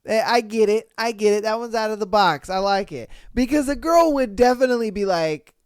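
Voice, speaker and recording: A man riffing on a casual podcast, reading out posts and reacting with swearing and slang. His voice is smooth and clean, recorded close and dry with no room sound. He moves between talking to the listener and musing aloud. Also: sits high, brisk, no echo. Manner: profane, slangy, animated with frequent asides. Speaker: podcast host.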